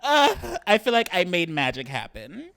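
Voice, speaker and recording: A young man co-hosting a podcast, teasing and dramatic, quick to laugh. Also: sits high, wildly swooping pitch, background noise. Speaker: podcast co-host. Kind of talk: casual chat.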